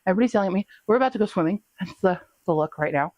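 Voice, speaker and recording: A woman casually talking through her reading progress in a home vlog, chatty and quick to laugh. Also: mid-range voice, expressive, darkish tone, dry recording. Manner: chatty, laughs often, talks to her pets. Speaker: book vlogger.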